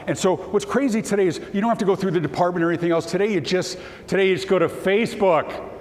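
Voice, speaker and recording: A man giving a storytelling keynote talk to an audience, animated and at times choked with emotion as he acts out the dialogue. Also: on the high side. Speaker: keynote speaker. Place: conference hall. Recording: hall reverb, faint room noise.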